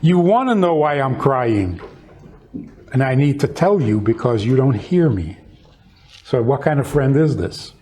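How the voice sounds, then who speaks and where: A man's voice: animated, measured pace, dark tone. A man, a rabbi, teaching in conversation, reflective and fond of telling stories, raising his voice when he acts out quotes. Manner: storytelling, reflective, acts out quotes with raised pitch.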